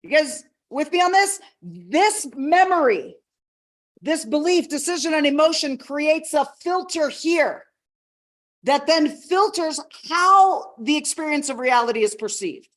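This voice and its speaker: A woman coach teaching a live masterclass to an audience, talking expressively, acting out quotes and slowing down on key words. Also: high voice, expressive. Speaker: personal development coach.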